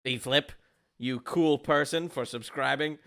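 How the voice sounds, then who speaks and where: Man doing a male kobold sidekick, slow, drawn-out, emphatic, bright. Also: medium pitch, steady tone, vocal fry.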